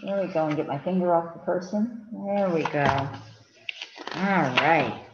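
Female children's librarian, chatty storytime reader, low-ish voice, roomy and slightly muffled with faint hiss. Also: measured pace. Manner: chatty, sing-song, fussing with the book on camera. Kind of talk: reading picture books aloud to children.

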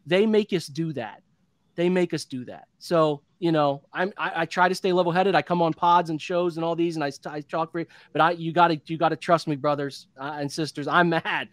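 A man's voice: a little high, fairly even intonation, a little fast, no echo. A man in his thirties, a sports podcast analyst, delivering a heated, frustrated rant full of restarts. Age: 30s.

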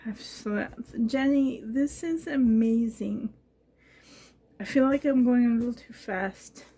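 A woman unboxing gifts in a vlog, gushing with breathy exclamations and sounding shaky and emotional. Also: on the high side, takes it slowly, dark tone. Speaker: reborn doll collector vlogger.

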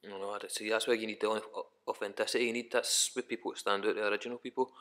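A man's voice: on the low side, fairly even intonation, fast talker, fairly bright tone. A young Scottish man, a rapper guest on a podcast, talking in a rambling, casual way and swearing often. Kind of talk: casual chat.

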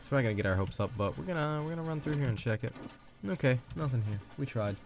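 A man's voice: medium pitch, animated, fast. A young man giving casual, chatty commentary while playing a video game, upbeat with playful asides. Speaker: let's play host. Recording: music playing underneath.

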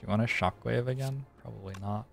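A man streaming a card game, relaxed, thinking aloud and explaining his choices at length. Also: mid-range voice, fast, creaky, soft background music. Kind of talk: casual live-stream gameplay commentary.

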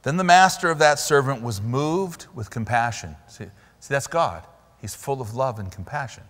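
A man preaching a sermon as pastor, animated and emphatic, in a church sanctuary. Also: medium pitch, moderate pace. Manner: animated, emphatic preaching with sudden loud stresses. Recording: long hall reverb in a church.

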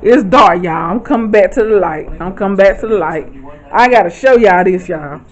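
A woman, chatting excitedly to viewers at home as she shows off her shopping haul. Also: medium pitch, moderate pace, lo-fi sound. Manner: chatty, excitable, keeps addressing viewers as y'all. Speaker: vlogger. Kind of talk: casual haul vlog.

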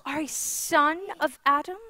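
A woman's voice: high-pitched, steady tone, measured pace, bright, forceful tone, exaggerated voice. A woman voicing a haughty, cruel queen who mocks and cackles. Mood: scornful. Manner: cackling, scornful, draws out words. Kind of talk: audio drama acting.

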